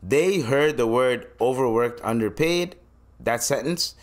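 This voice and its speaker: Slow-talking man hosting a podcast. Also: medium pitch, expressive. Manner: loose, profane, joking banter. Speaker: podcast host. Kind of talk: solo podcast commentary.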